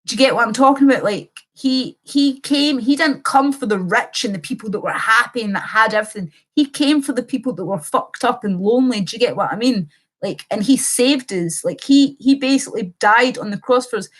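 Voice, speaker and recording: A woman's voice: on the high side, moderate pace. A young woman livestreaming, reading chat comments and rambling in an impassioned way, swearing casually.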